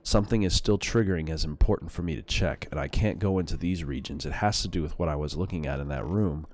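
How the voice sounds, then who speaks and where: Low-voiced man streaming a game. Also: fast talker, darkish tone, slight background noise. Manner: blunt, swears, reads game text aloud. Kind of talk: casual gameplay commentary.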